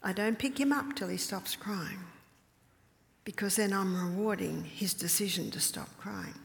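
A woman's voice: mid-range voice, measured pace, vocal fry. Mother of five telling stories in a reverberant hall. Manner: drops to a whisper for emphasis; laughs often while telling stories. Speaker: speaker at a health retreat. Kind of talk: storytelling talk to an audience.

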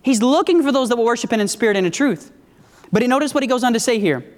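A woman preacher delivers a sermon from a church sanctuary, and her voice rings out with a long hall reverb. She keeps asking the congregation for an amen. She swings from high, emphatic declarations to low, hushed passages. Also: expressive, fast talker. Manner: call-and-response, asking the congregation for amens.

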